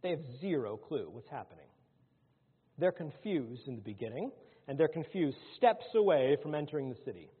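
A man preaching a sermon to his congregation, swinging between loud, rising lines and hushed ones. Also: on the high side, big pitch swings, normal speed, slightly rough. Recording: phone-like sound in a large hall.

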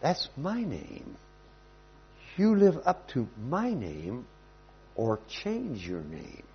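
A man puts on an imperious ancient king whose voice goes high and sharp as he barks questions, then drops into slow, deliberate warnings. The tone is husky. The recording sounds dull and lo-fi. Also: huge pitch swings, full character voice. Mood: stern. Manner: shouting then slow and stern. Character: commanding ancient male conqueror-king, stern.

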